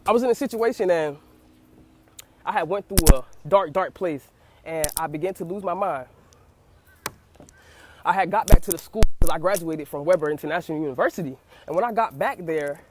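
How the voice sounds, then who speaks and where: With a fairly low voice at a moderate pace, a young woman delivers an impassioned testimony over background noise. She returns to the same phrases and repeatedly calls to her audience, "you hear what I say?"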